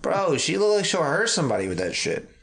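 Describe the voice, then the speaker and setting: A man's voice: on the high side, wildly swooping pitch, a little fast, vocal fry, fairly bright tone. Skeptical teasing young man from Maryland. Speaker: podcast co-host. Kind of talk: casual chat.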